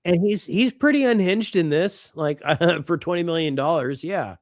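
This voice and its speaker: A middle-aged man co-hosting a podcast in casual chat, animated and quick to swear and laugh. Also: fairly high pitch, no room sound, studio quality. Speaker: podcast co-host.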